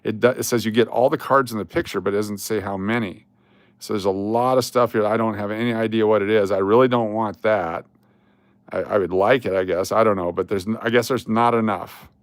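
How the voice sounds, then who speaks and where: A man's voice: fairly low pitch, steady tone, brisk, no echo, clean studio sound. A man hosting a casual live stream, rambling along and breaking into sudden exasperated rants.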